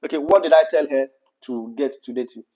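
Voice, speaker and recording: A man's voice: medium pitch, brisk, warm tone, lo-fi sound. A Ghanaian man with a Ghanaian English accent, co-hosting a casual livestream chat, laughing often and slipping into Pidgin. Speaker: livestream co-host.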